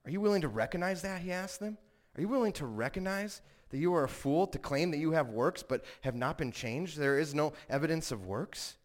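A man's voice: on the high side, animated, a little fast. Earnest man preaching a sermon. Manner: earnest, builds to emphatic peaks, retells stories with acted quotes.

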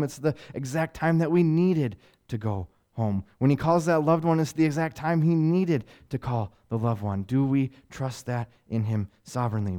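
A man preaching a sermon in an earnest, conversational way. His voice is mid-pitched, with plenty of rhetorical questions and casual asides as he builds intensity. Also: dark tone. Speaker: pastor.

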